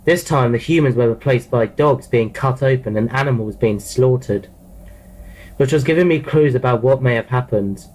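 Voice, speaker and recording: A man's voice: medium pitch, normal speed, a little mellow, rough recording. A man narrating a horror story in the first person, reading plainly with frequent restarts and repeated words.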